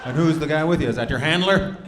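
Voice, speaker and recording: Over loud crowd noise in an echoey club, a stand-up comic works the audience, teasing them with plenty of profanity. His voice is a little high and his pace quick.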